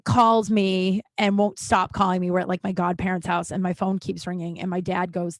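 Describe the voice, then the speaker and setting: A woman's voice: on the low side, flat delivery, a little fast, vocal fry, dry recording. A woman in her thirties hosting a podcast, telling a long story in a chatty, rambling way with lots of fillers and restarts. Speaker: podcast host. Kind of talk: casual storytelling monologue.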